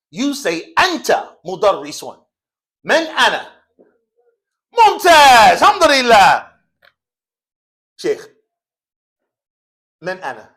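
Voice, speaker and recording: A man with a high-pitched, slightly bright voice runs an Arabic class in a mosque classroom, drilling students through call and response. His speech is slangy and casual, and he jokes and laughs often.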